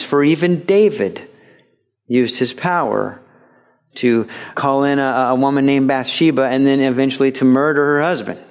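A middle-aged man preaching a sermon as a pastor, talking conversationally and stressing points emphatically. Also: mid-range voice.

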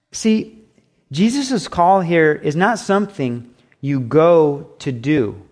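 Emphatic preaching man, slightly high voice. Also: a little mellow. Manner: emphatic, repetitive preaching with acted asides. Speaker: pastor. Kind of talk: sermon.

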